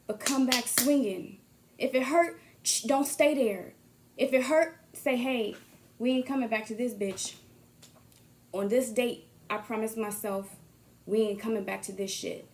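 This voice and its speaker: A woman giving a casual motivational monologue, swearing freely and swinging from hushed whispers to loud bursts. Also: a little high. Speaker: motivational vlogger.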